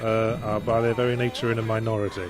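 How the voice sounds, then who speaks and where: A man's voice: on the low side, little pitch movement, fast talker. A man, chatting casually with dry, wry humor on a game stream. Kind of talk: casual chat.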